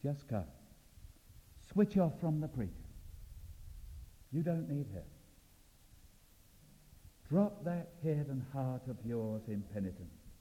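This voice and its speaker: A male preacher giving an evangelistic sermon, swinging from loud exclamations to hushed, intimate appeals. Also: mid-range voice, animated, slow pace, pauses often. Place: church or meeting hall. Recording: reverberant, dull lo-fi hall recording.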